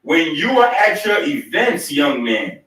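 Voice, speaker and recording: A high-voiced man holds the floor, insisting on being heard and spelling out his points slowly and deliberately. The sound is roomy and echoey, picked up from some distance off the mic. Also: sing-song, fairly bright tone. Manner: insistent, keeps cutting in to demand to be heard; slow, deliberate lecturing. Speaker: host. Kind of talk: heated argument, then lecturing.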